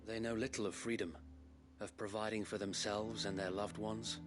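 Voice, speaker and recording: A courteous noble knight from a video game speaks in measured, formal phrases with a dry wit, as a man voices him. His voice sits a little low. Faint music plays behind it. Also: flat delivery, close to an everyday voice. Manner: formal and wry, measured speech.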